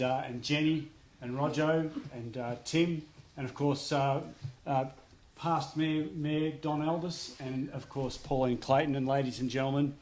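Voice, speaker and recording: An Australian man speaks to a crowd at an opening, in a slightly high voice. He talks loosely and jokes, with plenty of ums and uhs between phrases. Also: a little hiss or hum. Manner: jokey, conversational, many fillers. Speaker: politician giving a speech. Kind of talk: public speech at an outdoor opening.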